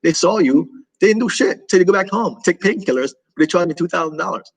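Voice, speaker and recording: A man's voice: high-pitched, animated, quick pace, slightly rough, poor audio. A tired man from the United States, recovering from illness, chatting casually on a livestream in a rambling, repetitive way. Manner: rambling and repetitive, with many restarts and fillers. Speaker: travel vlogger hosting a livestream.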